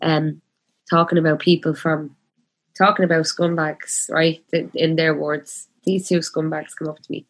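A woman in her twenties with a Dublin accent, chatting casually. Her voice sits a little low, and she talks with passion, packing her speech with fillers. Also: little pitch movement, normal speed. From Ireland. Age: 20s. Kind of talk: casual chat.

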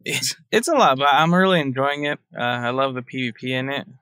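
A man's voice: medium pitch, a little fast, sharp tone, smooth, dry recording, studio quality. A man co-hosting a podcast, chatting in an easygoing, enthusiastic way. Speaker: podcast co-host. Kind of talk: casual chat.

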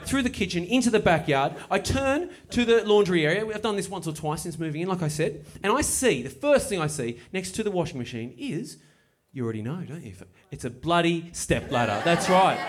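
A man performing a live stand-up set, telling a rambling story and checking in with the audience. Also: sits high. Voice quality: rambling, conversational, checks in with the crowd. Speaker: stand-up comedian.

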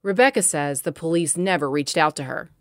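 A woman narrator giving a measured scripted read. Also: deep voice, no echo.

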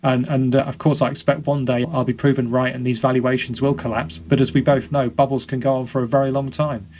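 A man speaks as a guest on an interview podcast at a brisk clip. His pitch sits in an ordinary middle range, and he works through ideas aloud, stumbling and repeating words as he goes. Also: level tone, darkish tone, slight background noise. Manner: thoughtful, repeats words as he thinks. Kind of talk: conversational interview.

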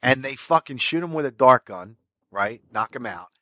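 A man's voice: medium pitch, lively intonation, normal speed, sharp tone, no room sound. A man co-hosting a casual podcast chat, rambling and swearing, often trailing off and restarting his sentences. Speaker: podcast co-host.

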